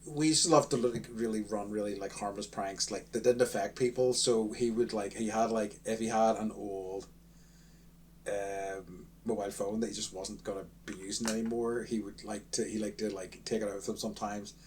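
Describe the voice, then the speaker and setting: A man's voice: fairly low pitch, fairly even intonation, normal speed, slight background noise. An Irish man co-hosting a casual podcast chat, giving rambling explanations with a chuckle. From Ireland. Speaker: podcast co-host.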